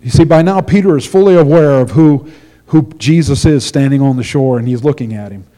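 A man's voice: medium pitch, brisk, dark tone, big-room sound. A man preaching a sermon with earnest storytelling, often repeating his words as he goes. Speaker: pastor.

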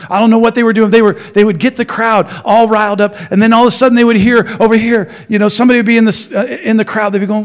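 A man preaching a sermon as pastor, animated, acting out crowd voices, with many restarts. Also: high-pitched, quick pace, hardly any pauses.

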